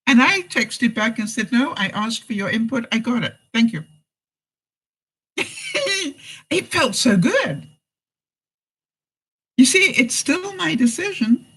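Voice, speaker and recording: A woman's voice: a little high, very animated, slow, pauses often, fairly bright tone, slightly rough, low-quality recording. Middle-aged lady vlogger chatting live, laughs a lot, acts out what people said. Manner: chatty storyteller, laughs often, acts out quoted lines. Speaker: vlogger giving life advice. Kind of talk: live-stream chat, reading viewer comments.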